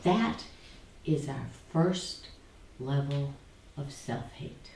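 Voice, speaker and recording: A woman spiritual teacher giving a deliberate talk to a small group, often dropping to near-whispers. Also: low-pitched, dark tone. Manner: slow, deliberate, drops to near-whispers on key words. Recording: roomy, distant from the mic, faint background noise.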